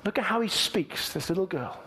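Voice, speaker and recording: Earnest preacher man, higher voice. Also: expressive, a little fast. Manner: earnest, swings between emphatic and hushed. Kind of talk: sermon.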